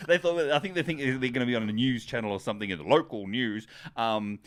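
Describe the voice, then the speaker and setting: A man's voice: mid-range voice, fast, a crowd in the background. A man co-hosting a travel podcast, telling stories in a rambling casual chat full of restarts and asides. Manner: chatty storyteller, restarts and tumbling asides. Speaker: podcast co-host.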